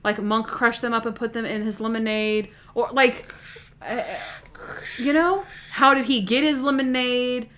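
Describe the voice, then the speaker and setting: Higher-voiced woman in rambling chat. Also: measured pace, slight background noise. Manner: animated, rambling with restarts and quoted asides. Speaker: podcast co-host. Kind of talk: casual chat.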